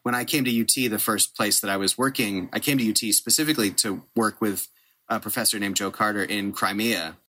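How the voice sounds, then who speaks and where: Bright-voiced man telling a story. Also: lowish voice, fairly quick. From United States. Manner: animated, self-deprecating storyteller who laughs at himself. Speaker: podcast guest, archaeologist. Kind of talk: storytelling in a podcast interview.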